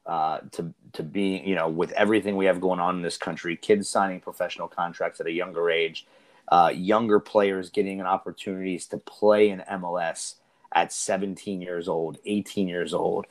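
A man with a fairly low voice talks soccer on a casual podcast. He rambles, restarts his sentences often and grows animated as he goes. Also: moderate pace. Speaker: soccer coach and podcast host.

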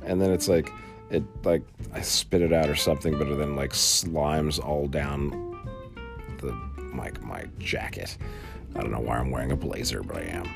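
A man hosting a casual solo podcast, telling a long story in a rambling, animated way with many fillers, from a small home studio. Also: rumbling low, normal speed, soft background music. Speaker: podcast host.

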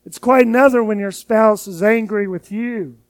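High-voiced man preaching earnestly. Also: normal speed, no echo. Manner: earnest, conversational preaching with repeated words. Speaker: pastor. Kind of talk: sermon.

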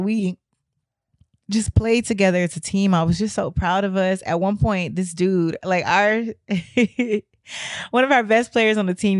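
A young woman telling a story in a casual, animated way, her voice hoarse from losing it, laughing and swearing often. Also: lowish voice, dry recording, clean studio sound. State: hoarse from a lost voice.

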